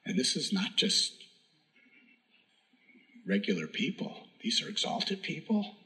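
A man giving a sermon, telling a devotional story in an earnest, emphatic way that sometimes drops to a hush. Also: medium pitch, big pitch swings, a little slow, poor audio. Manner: earnest, emphatic storytelling with hushed whispered moments. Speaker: spiritual teacher.

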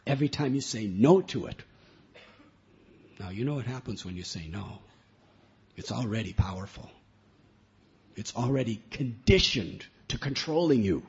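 A man preaching a sermon in an animated storytelling way, on a muffled lo-fi recording. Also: lowish voice, moderate pace, vocal fry, pauses often, slightly rough. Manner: animated storytelling with sound effects.

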